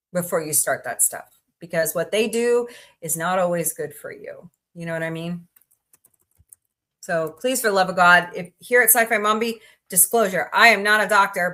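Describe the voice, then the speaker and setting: A woman's voice: on the low side, a bit bright. A woman hosting a casual livestream, chatting, greeting viewers by name and rambling through asides. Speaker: livestream host.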